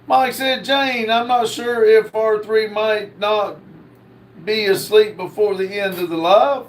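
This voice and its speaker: A man hosting a casual livestream, reading viewer comments aloud in a slow drawl. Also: high voice, steady tone, slight background noise. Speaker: livestream host reading chat.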